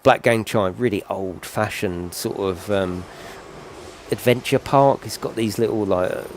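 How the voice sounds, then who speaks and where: A man's voice: fairly low pitch, unhurried, a little hiss or hum. A middle-aged man giving casual, rambling game commentary full of tag questions. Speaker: gaming channel host.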